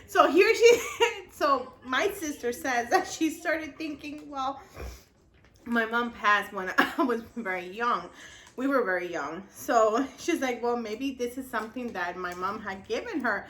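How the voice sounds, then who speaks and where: A middle-aged woman with a bright, slightly raised voice tells a family story to her viewers. She laughs through her words and acts out both sides of the exchange. Her tone stays crisp and lively throughout. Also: a little high, a little slow. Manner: laughs often while telling the story. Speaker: vlogger. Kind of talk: casual storytelling.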